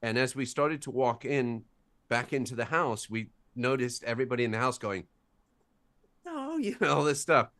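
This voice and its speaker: Animated man telling a story. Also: mid-range voice, fairly quick. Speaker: guest, voice actor. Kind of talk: storytelling anecdote.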